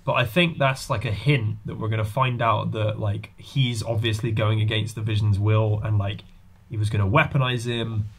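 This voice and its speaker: A man co-hosting a podcast in casual chat, animated, acting out quotes with big jumps in pitch. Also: normal speed, few pauses. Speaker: podcast co-host.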